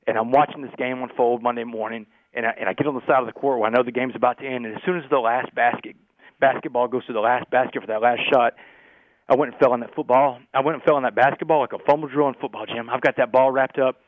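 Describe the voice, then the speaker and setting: Fast-talking man on a phone line. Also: medium pitch, no room sound. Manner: fast, animated storyteller, keeps saying "man". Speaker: podcast guest. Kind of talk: storytelling interview.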